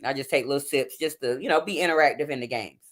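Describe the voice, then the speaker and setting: A woman in her forties hosts a casual nighttime livestream from home, chatting informally and directly to her viewers. Her voice is extremely low and fast, picked up by a phone or webcam mic.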